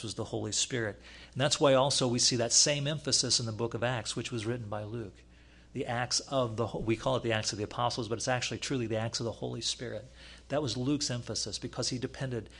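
A man preaching a teaching sermon, pausing often with fillers and restarts. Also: mid-range voice. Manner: halting, many fillers and restarts. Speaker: pastor.

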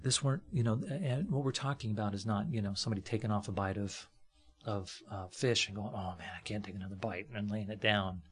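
Guy preaching off the cuff, kinda husky, lots of um and you know. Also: fairly low pitch, brisk. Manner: folksy, joking asides, frequent fillers. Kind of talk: conversational sermon.

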